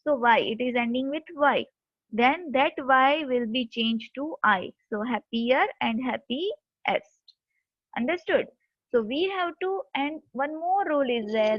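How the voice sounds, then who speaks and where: A woman's voice: fairly high pitch, no room sound. A woman teacher explains a grammar lesson step by step, spelling words out letter by letter. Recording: dull lo-fi dry recording.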